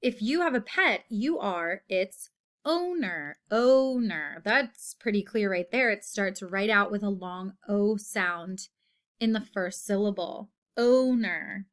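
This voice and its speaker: A woman teacher giving a recorded phonics lesson to children, slowly drawing out each word for them to hear. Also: medium pitch, a bit bright. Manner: slow, patient, drawn-out word modeling.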